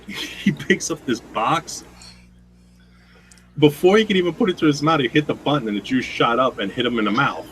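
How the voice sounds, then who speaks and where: A man with a bright, forceful voice hosts a relaxed chat and rambles through stories, swearing freely. A faint hiss of noise sits under him in the room. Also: mid-range voice, poor audio. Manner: rambling, profane storytelling. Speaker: host. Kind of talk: casual chat.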